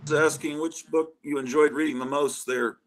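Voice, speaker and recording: A man's voice: a little high, fairly even intonation, moderate pace. A man hosting a casual video-call chat about comics, full of joking, rambling suggestions. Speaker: show host. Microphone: remote call with audio delay.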